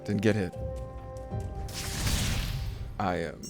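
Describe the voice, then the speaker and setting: A man's voice: deep voice, steady tone, very slow. A man streaming gameplay live, talking to himself, yelping and groaning at the game, and rambling in asides. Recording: game music behind voice.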